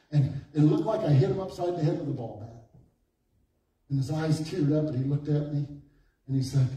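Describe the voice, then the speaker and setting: A high-pitched male pastor preaching in a big, echoing church, heard from some distance away. His tone is mellow and dark, and he moves between slow, emphatic declarations and a hushed, confiding storytelling voice. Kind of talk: sermon with storytelling. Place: church sanctuary. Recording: echoey church hall from far off.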